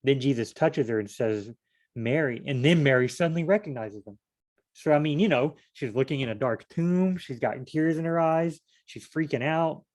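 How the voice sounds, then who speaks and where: A man reading scripture aloud and commenting on it in a relaxed, chatty way, often wandering into asides and restarting his sentences. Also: fairly high pitch, normal speed. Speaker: Bible study vlogger.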